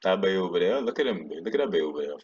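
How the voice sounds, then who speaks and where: A man's voice: sits low, lively intonation, racing, a little mellow. A young man co-hosting a podcast, joking around in casual slangy chat with friends. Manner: laid-back slangy banter, laughs often. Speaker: podcast co-host. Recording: dull lo-fi sound with faint noise.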